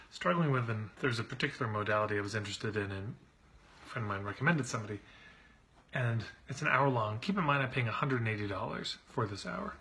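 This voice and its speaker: A middle-aged man vents in a casual spoken monologue about something that has clearly worn his patience thin. His voice sits at an ordinary pitch but has a bright, forceful edge. He sounds exasperated and tends to repeat words as his frustration builds. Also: slight background noise. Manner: repeats himself when worked up. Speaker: marketing coach.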